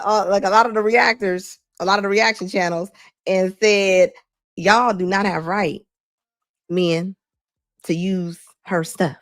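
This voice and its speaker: A woman's voice: fairly high pitch, a bit bright, dry recording, clean studio sound. A woman hosting a live stream, giving sassy, laughing reaction commentary. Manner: laughing, sassy, rapid asides.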